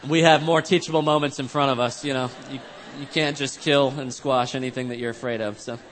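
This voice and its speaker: A man's voice: medium pitch, fairly even intonation, a little fast, fairly bright tone, slight background noise. A man preaching in a church as pastor, telling a family story in a casual, joking, conversational way. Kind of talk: storytelling sermon.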